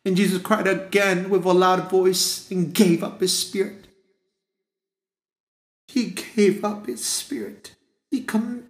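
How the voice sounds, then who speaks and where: A man's voice: high-pitched, reverberant. A man preaching a fervent sermon with a repetitive, rhythmic cadence.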